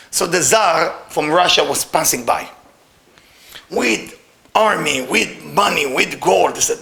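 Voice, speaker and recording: A man's voice: a little high, expressive, slow, vocal fry, bright, forceful tone. A man teaching a Kabbalah class, telling a story animatedly in broken English. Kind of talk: storytelling lesson.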